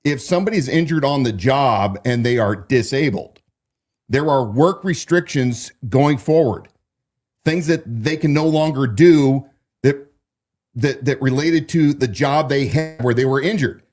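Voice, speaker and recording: A man's voice: mid-range voice, unhurried, darkish tone. A man giving casual political commentary as a podcast co-host, talking loosely with frequent restarts. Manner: conversational, many restarts and repeats.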